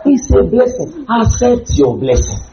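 Animated preacher, high lively voice. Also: male voice, measured pace, reverberant, muffled recording. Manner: animated, humorous preaching with sudden loud outbursts. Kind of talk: sermon.

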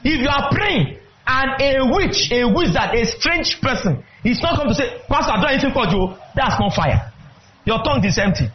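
A man preaching a fervent sermon, breaking into shouts and drawing out words for emphasis. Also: very high voice, expressive, moderate pace, lo-fi sound, slight background noise.

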